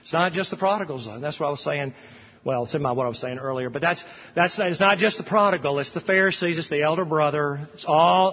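A man's voice: on the high side, brisk. Impassioned male preacher in an echoing church. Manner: impassioned preaching, rising for quoted scripture. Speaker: pastor. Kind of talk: sermon. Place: church sanctuary. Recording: dull sound with long hall reverb.

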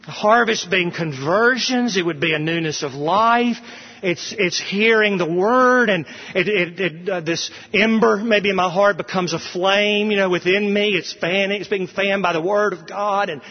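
A male pastor delivers an expository sermon in a church sanctuary, earnest and emphatic, repeating phrases to drive points home. His voice is high-pitched, unhurried and slightly rough, captured in a dull recording with long hall reverb.

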